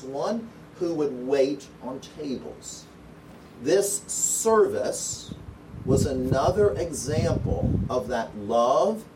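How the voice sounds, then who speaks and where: A man preaching an expository sermon, earnest and emphatic, repeating key phrases as he works through a Bible passage. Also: mid-range voice. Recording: echoey room mic, distant, noisy.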